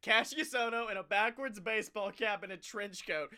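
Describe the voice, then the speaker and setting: A high-voiced man with a bright, forward tone chats about wrestling on a podcast. He tells stories in an animated way, swears freely and laughs often as he talks. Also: normal speed, slight background noise. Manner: animated, profane, laughing storyteller. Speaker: podcast co-host. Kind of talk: casual wrestling chat.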